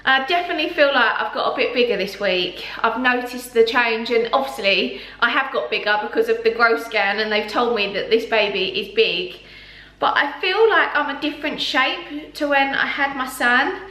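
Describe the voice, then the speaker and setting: Bright-voiced chatty young woman. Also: on the high side, moderate pace. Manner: chatty, lots of "like" and "um" fillers. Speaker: vlogger. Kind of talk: casual pregnancy vlog. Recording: echoey room.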